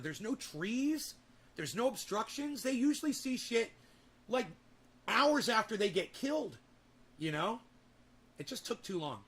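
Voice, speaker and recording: A man's voice: high-pitched, expressive, moderate pace, a bit bright. A man telling rambling, profanity-laden stories in a casual home vlog. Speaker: vlogger. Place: home with garden and indoor grow.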